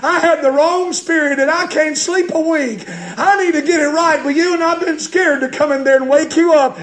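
A man's voice: very high-pitched, normal speed, a bit bright, pitched above the performer's own voice. A man preaching a sermon, voicing a remorseful young boy pleading to his father. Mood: contrite. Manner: earnest, tearful pleading.

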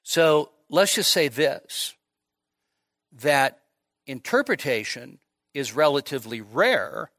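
High-voiced, unhurried male preacher. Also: vocal fry, pushed and bright. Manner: conversational teaching, frequent "okay?" and "all right?" checks; emphatic, slowing to stress key phrases. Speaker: pastor. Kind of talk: expository sermon. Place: church midweek service.

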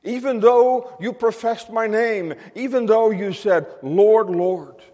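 A man's voice: extremely high pitch, unhurried, darkish tone, long reverb tail. A man preaching a sermon to his congregation in an earnest, emphatic way, repeating key phrases for weight. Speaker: pastor.

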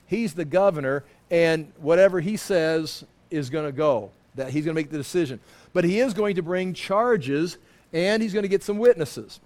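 A man's voice: sits high, moderate pace. A man preaching a sermon, teaching through a scripture passage and acting out what people in it say. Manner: animated, acts out quoted lines. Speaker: pastor.

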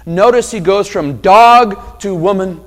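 A male pastor preaching a sermon, asking rhetorical questions and acting out quoted speech with sudden loud swells. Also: high voice, unhurried, big-room sound. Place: church sanctuary.

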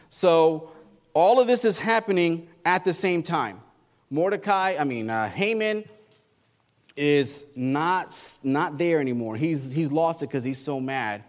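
A male pastor preaching a sermon, reading scripture aloud and retelling the story in lively, colloquial asides. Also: a little high, unhurried, in a large hall. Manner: animated, colloquial Bible storytelling.

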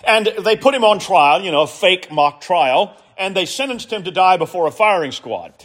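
A man preaching a sermon, speaking earnestly and telling stories in a measured way with emphatic rises. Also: high voice, animated, a bit bright.

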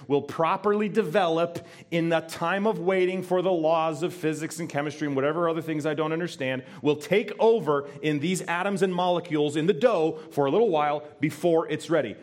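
A man's voice: fairly high pitch, a little fast, hardly any pauses. Emphatic male pastor preaching a sermon. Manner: animated, emphatic, asks the congregation questions. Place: church before a congregation.

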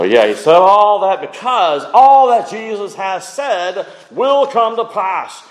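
A man preaching a sermon, acting out the quotes with big swings in pitch and loudness. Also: in a large hall, rough recording. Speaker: pastor.

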